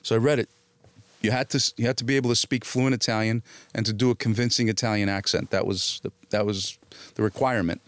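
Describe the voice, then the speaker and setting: Middle-aged man telling animated anecdotes. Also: lowish voice, fast talker, no room sound. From New Jersey area. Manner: animated anecdotes, quotes people in dialogue. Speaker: actor, interview guest. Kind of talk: casual storytelling.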